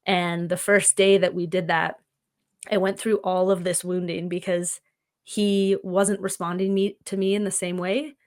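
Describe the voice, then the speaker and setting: A woman on a podcast, calmly and earnestly telling a reflective personal story. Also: on the low side, a little slow. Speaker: podcast guest. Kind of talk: conversational podcast chat.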